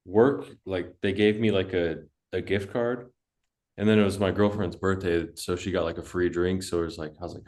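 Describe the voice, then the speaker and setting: A man's voice: deep voice, fairly even intonation, brisk, a little mellow. A young man co-hosting a podcast, telling rambling stories full of cussing, "dude" and "like" in casual chat. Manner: rambling storytelling, heavy cussing, lots of "dude" and "like". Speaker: podcast co-host.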